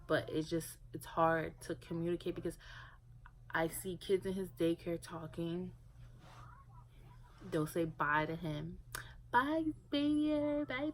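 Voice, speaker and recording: A young woman with a somewhat low voice talks casually to her camera at home. She rambles and leans on filler words as she goes. A faint hiss of room noise sits under her voice. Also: rough recording. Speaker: parent vlogger.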